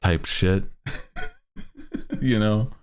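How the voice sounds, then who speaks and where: A man's voice: extremely slow, clean tone. A young man streaming, chatting casually with viewers in a laid-back, rambling way, laughing often. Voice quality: very deep.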